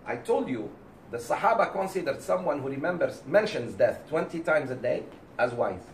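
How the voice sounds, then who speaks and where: Animated man lecturing a class. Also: medium pitch, moderate pace, slight background noise. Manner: animated, acts out quoted voices. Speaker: Islamic teacher. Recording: roomy, distant mic, faint background.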